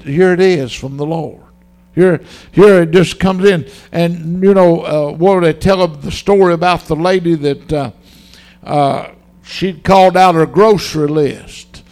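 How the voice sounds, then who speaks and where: A male pastor preaches a fervent sermon. He has a high, gravelly voice. He tells folksy stories and repeats his points for emphasis. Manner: fervent, repetitive, folksy storytelling.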